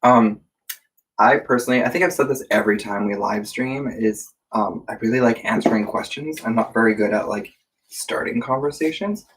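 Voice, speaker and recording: A man chatting casually on a live stream while he eats at home, hesitant and full of filler pauses. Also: mid-range voice, distant mic, poor audio. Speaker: livestream co-host. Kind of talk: casual chat while eating. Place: warm room at home.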